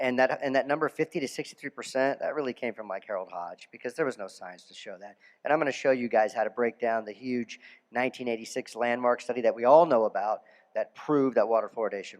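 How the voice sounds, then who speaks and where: A man, a dentist, giving a conference lecture in a casual storytelling way, animated, with restarts and asides. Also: mid-range voice, fairly quick, big-room sound. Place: conference hall.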